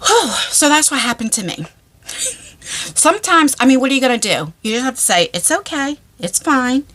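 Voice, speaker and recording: A woman chatting casually in a storytime vlog, laughing and squealing as she tells an embarrassing tale. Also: brisk. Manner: animated, laughing, breaks into high squeals. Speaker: vlogger. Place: parked car.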